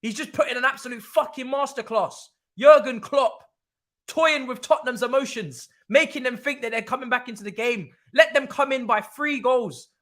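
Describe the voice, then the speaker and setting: A young man hosting a live football watch-along, talking excitably, repeating himself and swearing freely. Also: very high voice, normal speed. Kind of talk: live stream reaction commentary.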